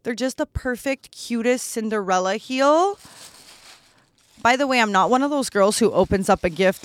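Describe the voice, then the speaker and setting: A woman's voice: fairly high pitch, lively intonation, moderate pace. A young woman hosting a solo podcast, chatting casually while unboxing gifts, gushing and a little bratty, with lots of "like" fillers. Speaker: podcast host.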